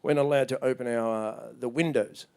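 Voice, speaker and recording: A man doing a stand-up comedy routine on a small club stage, ranting and swearing in disbelief, jumping into loud high shouts to act out other people. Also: fairly even intonation, brisk, clean tone.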